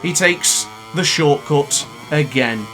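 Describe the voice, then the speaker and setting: A man's voice: fairly high pitch, slow, fairly bright tone, soft background music. A man in his late twenties commentating his own racing game live, ranting in frustration between exasperated laughs. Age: 20s. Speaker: gaming YouTuber.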